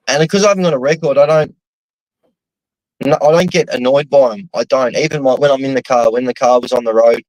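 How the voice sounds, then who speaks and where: A young Australian man with a mid-pitched voice talks in a loose, profane, storytelling way. The sound is dry and close, with no room echo. He rambles through his point with plenty of swearing. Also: a little mellow. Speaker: host. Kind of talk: casual chat.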